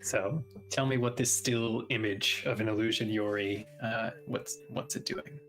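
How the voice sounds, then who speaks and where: A man acting as game master, hedging through rules with ums and restarts. He slows into hushed, atmospheric narration, with faint music playing under his voice. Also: on the low side, rough recording. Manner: hesitant, rule-checking, then slow atmospheric narration.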